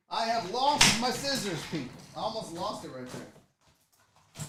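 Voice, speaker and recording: A woman hosting a casual show, addressing her viewers directly. Her pitch leaps up and down with real animation, yet she takes her time between words. She swears freely and gets excited easily. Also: unhurried, pauses often, very noisy. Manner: excitable and heavily profane; talks straight to the audience. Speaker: sports show host. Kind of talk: casual unboxing chat to viewers.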